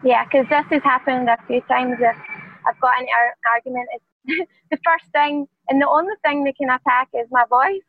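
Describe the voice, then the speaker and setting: A woman with a Scottish accent, a professional fighter answering interview questions in a quiet, soft-spoken way. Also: high voice, fairly even intonation, normal speed, dry recording, phone-quality sound. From Scotland.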